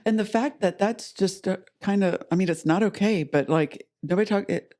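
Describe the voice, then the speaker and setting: A man's voice: sits high, moderate pace, a little mellow. A man co-hosting a podcast in casual conversation, asking puzzled questions. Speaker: podcast co-host.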